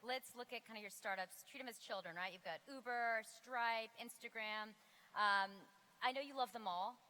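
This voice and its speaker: A woman interviewing a guest onstage at a conference, asking brisk questions. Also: on the high side, bright, forceful tone, in a large hall. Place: conference hall stage.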